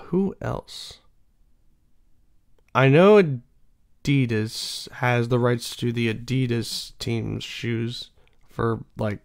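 A young man talks at a slow, unhurried pace, wandering from thought to thought with plenty of fillers and false starts. His voice comes through smooth and clear as he chats casually as the host of his own show. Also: mid-range voice. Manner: rambling, many fillers and restarts. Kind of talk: casual solo chat.

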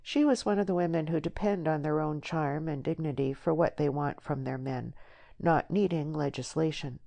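Low, gravelly woman narrator. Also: normal speed, warm tone. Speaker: audiobook narrator. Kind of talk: scripted narration.

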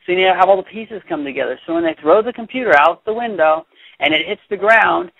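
Man reading a picture book to a class, animated and chatty; husky, dry, phone-line audio. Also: high-pitched, fast, dry recording. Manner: animated, chatty, stops to explain. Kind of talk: read-aloud storytelling with commentary. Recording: dry, tinny phone-like sound.

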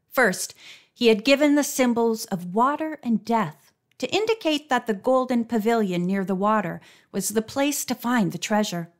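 A woman narrating an audiobook of a mystery novel, her voice sitting fairly high. She reads in a steady, clear storytelling manner. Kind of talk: scripted narration.

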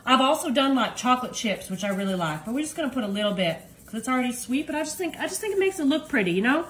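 A woman's voice: high-pitched, very animated, rapid-fire, poor audio. A woman hosting a casual cooking demonstration, chatty and enthusiastic. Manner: chatty and enthusiastic, often saying "y'all". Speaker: cooking video host.

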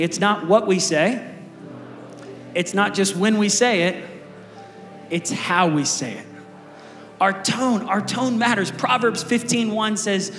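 Male pastor, high-pitched, casual and energetic sermon delivery, recorded on a stage mic in an echoey church hall. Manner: conversational, energetic preaching with asides to the congregation. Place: large church auditorium.

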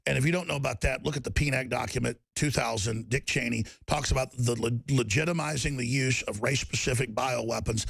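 A middle-aged man hosting a talk show, delivering an impassioned ranting monologue that swings from loud outbursts to low, intense passages. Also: a little fast, creaky, few pauses, husky, no echo.

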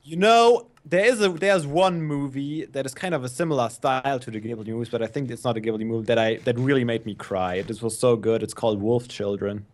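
A man's voice: medium pitch, a little fast, hardly any pauses. A young man chatting and laughing easily with friends while they play a game. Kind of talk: casual chat while playing a game.

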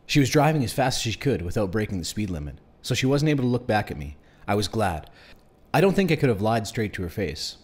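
A man's voice: lowish voice, sing-song, fast talker, darkish tone, husky. A man reading a novel aloud in the first person, telling the story expressively. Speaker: audiobook reader.

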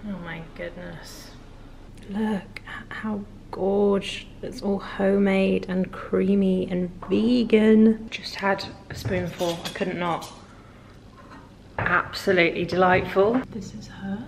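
A woman's voice: medium pitch, steady tone, slow, gravelly. A woman chatting casually for a lifestyle vlog, effusive and gushing about what she loves. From United Kingdom. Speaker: lifestyle vlogger. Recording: roomy with faint hum.

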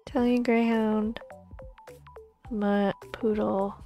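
A young woman streaming a pet game, gushing and cooing over the animals and often dropping into soft whispers. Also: medium pitch, steady tone, unhurried, long pauses. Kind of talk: casual gaming stream chatter. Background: faint background music.

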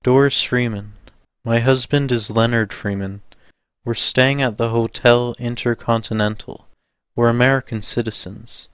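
Scared pleading young wife, a guy reading her in an audiobook, breathy, whispers a lot, smooth voice. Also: medium pitch, steady tone, a little slow, a bit bright, no echo, natural voice. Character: frightened distraught young American wife.

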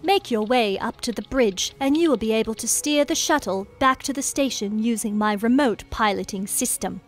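A woman voicing a calm female AI station computer, speaking in a flat, robotic way during a video game playthrough. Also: fairly high pitch, normal speed, faint music behind, close to an everyday voice. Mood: flat, measured.

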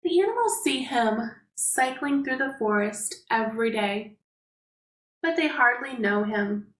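Slow-reading teacher woman, roomy echo. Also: fairly high pitch, lively intonation. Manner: gentle, explains words and asks children questions. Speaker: preschool teacher. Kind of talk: reading a picture book aloud to young children.

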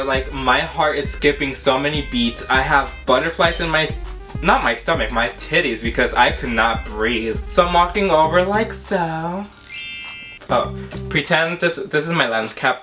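Young man, storytime vlog, sassy and dramatic, bright tone, faint music underneath. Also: medium pitch. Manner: sassy, dramatic and profane, with lots of fillers. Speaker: vlogger.

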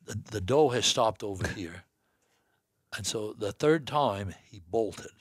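A man's voice: fairly low pitch, lively intonation, a little slow, slightly rough, no echo, clean studio sound. An older man from the northeastern United States, a guest telling a long hunting story in a folksy way, laughing between lines. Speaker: guest hunter. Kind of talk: storytelling in casual chat.

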